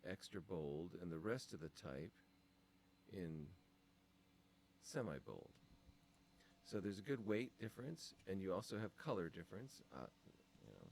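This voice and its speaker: A man with a low voice talks through design files on his screen like an instructor giving feedback, trailing off into asides and filling pauses with ums. His casual walkthrough sits over a faint background hum from a desktop mic. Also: gravelly. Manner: thinking aloud, many ums and trailing asides.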